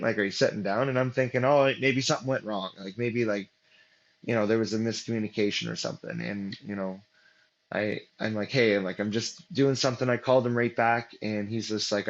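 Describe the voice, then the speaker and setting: Appearing as an interview guest, a man tells his story casually, rambling with plenty of fillers and restarts. His voice is lowish, and the highs are cut off.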